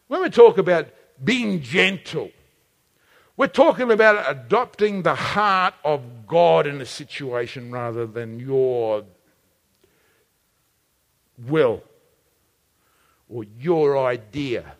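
Male preacher, passionate sermon, high, animated delivery that climbs to shouts. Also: takes it slowly, gravelly, long pauses, long reverb tail. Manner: impassioned, shouting at peaks, dramatic swings.

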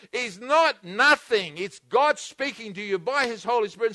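Man, preacher, sermon, bright piercing tone, dry close sound, loud-then-hushed delivery, earnest repetition. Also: extremely high pitch, lively intonation, moderate pace, few pauses, no room sound. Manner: swings between loud emphatic bursts and hushed, intimate delivery; repetitive, earnest, with frequent restarts.

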